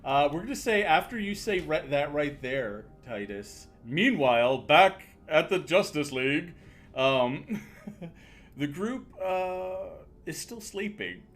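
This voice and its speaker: A man narrating as dungeon master in a casual tabletop game, halting with fillers and often laughing. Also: on the high side, expressive, a bit bright.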